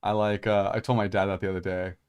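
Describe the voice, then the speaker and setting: A man's voice: fairly low pitch, level tone, fast talker, darkish tone, smooth. A young man co-hosting a podcast, chatting casually in a rambling way, full of filler words and swearing. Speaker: podcast co-host. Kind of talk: casual chat.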